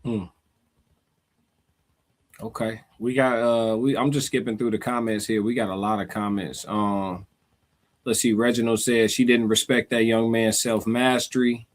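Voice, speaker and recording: A man's voice: on the low side, little pitch movement, measured pace. A man co-hosting a talk show in a laid-back, casual way, reading viewer comments aloud and adding short reactions.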